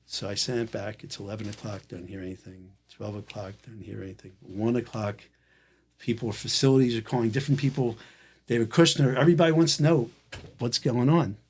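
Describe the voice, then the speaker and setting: A man's voice: mid-range voice, fairly quick, slight background noise. A man telling a long personal story in casual conversation, acting out the lines of the people in it. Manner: animated storyteller acting out quoted dialogue. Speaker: guest.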